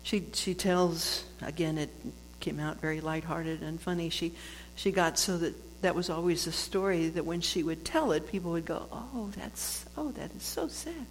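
A woman giving a reflective spiritual talk, conversational and quick to laugh, with frequent restarts. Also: sits low, level tone. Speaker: speaker sharing a book's lessons on forgiveness. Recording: long hall reverb with faint noise.

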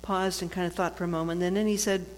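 A woman giving a reflective spiritual talk, conversational and quick to laugh, with frequent restarts. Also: on the low side, fairly even intonation, darkish tone. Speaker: speaker sharing a book's lessons on forgiveness. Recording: long hall reverb with faint noise.

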